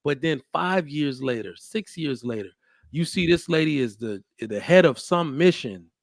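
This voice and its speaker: Male podcast host, lively storyteller, dry close mic. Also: on the high side, normal speed, dry recording. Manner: animated storyteller, acts out quotes. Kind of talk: casual chat.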